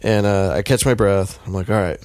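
An American man casually telling a story on a podcast, animated and profane, acting out the voices of the people in it. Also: on the low side, a little fast, clean tone, no echo. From United States.

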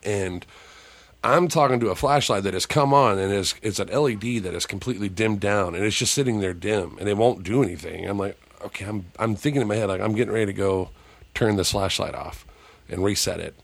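A man, a paranormal investigator, telling a story as a podcast guest in a loose, profane, animated way, acting out what people said. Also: lowish voice, a little fast, creaky, no room sound. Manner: profane, animated, acts out quoted dialogue.

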